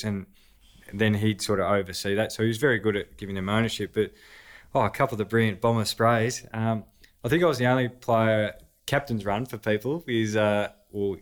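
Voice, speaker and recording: An Australian man with a somewhat low voice tells animated stories as a podcast guest. He talks casually and breaks into laughter between anecdotes. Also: brisk. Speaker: podcast guest, former footballer. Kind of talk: casual storytelling conversation.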